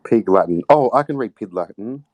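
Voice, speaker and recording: A man's voice: fairly low pitch, expressive, a little fast, a little mellow, no echo. A young man joking around in a casual group livestream, playful and laughing often, swearing in a phone recording.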